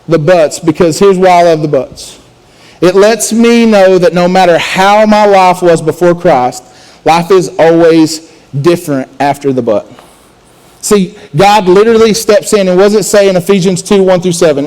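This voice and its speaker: A man's voice: sits high, darkish tone, clean tone, low-quality recording. A man preaching a conversational sermon as a student pastor, often restarting and repeating words.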